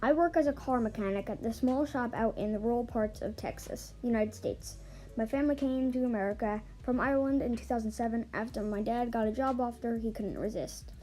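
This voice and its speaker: A woman's voice: on the high side, fairly quick, warm tone. A woman reading an online forum story aloud, with small stumbles and restarts along the way. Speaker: story reader. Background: faint background music.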